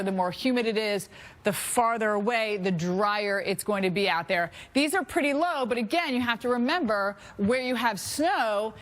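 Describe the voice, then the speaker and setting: A middle-aged woman with a medium-pitched voice presents a live TV weather forecast. She's lively and chatty, laughing at her own slip-ups.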